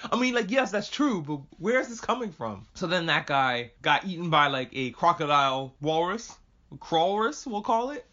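A man rants his way through a show recap at a brisk clip, cursing casually and wandering into tangents. His voice sits a little on the high side. The recording sounds muffled and lo-fi. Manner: profane, animated, jumps between tangents. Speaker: podcast host.

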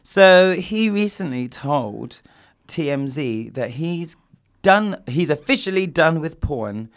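A man's voice: a little high, lively intonation, takes it slowly. A man, co-hosting a casual gossip chat with sassy, teasing asides. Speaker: podcast co-host.

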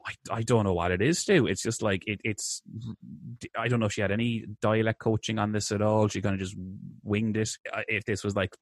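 Male podcast co-host, lowish voice, dry close sound, loose rambling delivery. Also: fairly even intonation, fairly quick, no room sound. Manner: rambling, hesitant, many restarts. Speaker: podcast co-host reviewing films. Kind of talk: casual chat.

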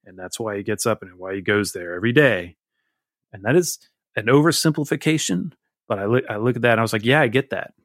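A man's voice: fairly low pitch, fast talker, dry recording, studio quality. A man in his forties, a guest who tells a rambling, candid, self-deprecating story in casual conversation.

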